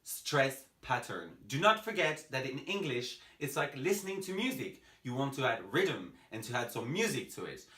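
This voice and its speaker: A young man from France, teaching English pronunciation to camera, emphatic and spelling out sounds slowly. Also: mid-range voice, very animated, pushed and bright, echoey room.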